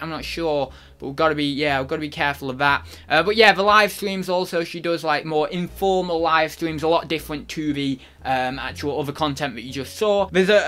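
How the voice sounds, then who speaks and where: Bright-voiced rambling man. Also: on the high side, clear, resonant tone. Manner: rambling, chatty, many fillers. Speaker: YouTuber reviewing channels. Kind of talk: casual vlog commentary.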